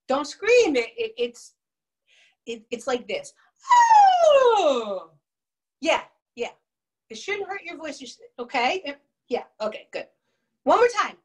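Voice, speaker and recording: Woman children's music teacher with a very high, lively voice, unhurried, singing and chanting with kids. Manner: sings and chants songs, bright and coaxing with kids. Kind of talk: children's music and movement class.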